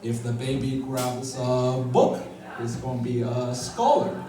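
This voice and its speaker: A man doing a stand-up comedy set, telling a story in a lively, animated way and jumping high in pitch when he quotes himself. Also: unhurried. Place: comedy club stage. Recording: echoey club, far-off mic, crowd laughing. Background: audience laughter.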